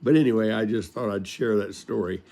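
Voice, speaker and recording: A man's voice: lowish voice, brisk, dark tone. An older man telling a rambling, folksy story from his childhood into a home recording, chuckling along as he goes.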